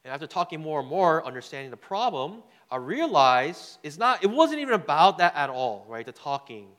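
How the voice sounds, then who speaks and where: A man's voice: on the high side, big pitch swings, brisk, a bit bright. Man preaching in a reverberant hall. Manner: loose, conversational, repeats words, asks the crowd "right?". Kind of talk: sermon with a personal story.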